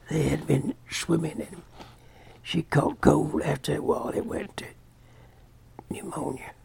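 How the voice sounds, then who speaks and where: A man preaching, telling a long illustration in a dramatic way and often dropping into a hushed whisper. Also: fairly high pitch, vocal fry, breathy edge. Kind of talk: sermon storytelling.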